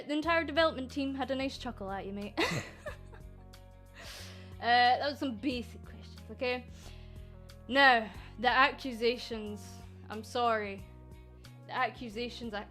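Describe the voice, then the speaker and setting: A Scottish woman who runs a VTuber agency chats casually with her stream viewers in a high-pitched, somewhat bright voice. She's sarcastic and swears freely.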